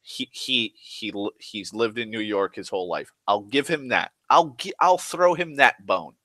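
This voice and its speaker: Bright-voiced rambling young man. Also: lowish voice, expressive, a little slow, no echo. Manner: rambling, restless, full of restarts and "like", swears freely, swings loud and soft. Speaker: vlogger. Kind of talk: rambling casual monologue.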